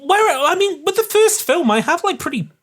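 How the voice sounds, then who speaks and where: A man's voice: very high-pitched, moderate pace. A man co-hosting a casual film podcast, swearing freely and often correcting himself. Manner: animated, swearing, self-correcting. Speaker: podcast co-host.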